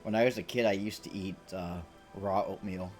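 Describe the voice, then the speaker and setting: A man's voice: low-pitched, steady tone, moderate pace. A man streaming a game, chatting in a rambling, self-deprecating, joking way. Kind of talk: let's play commentary. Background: game music.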